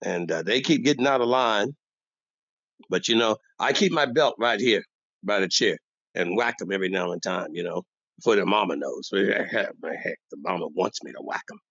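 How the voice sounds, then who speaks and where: Here an actor with a lowish, slightly bright male voice takes on an older, domineering, old-school barbershop owner, boasting and meandering in street slang for comic effect. He keeps a moderate pace. There's no room sound, and the audio is dull, dry and lo-fi.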